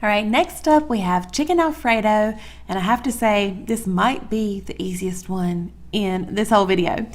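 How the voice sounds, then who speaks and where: A woman's voice: mid-range voice, moderate pace. A woman with a Southern US accent, hosting a casual cooking tutorial from her home kitchen in a chatty, folksy way. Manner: chatty, folksy, addresses viewers as y'all. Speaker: home cook host.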